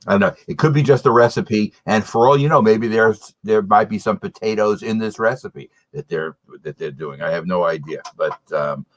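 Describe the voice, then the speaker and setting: A man co-hosting a casual beer tasting chat, explaining things in a measured way with filler pauses. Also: lowish voice. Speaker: beer reviewer co-host.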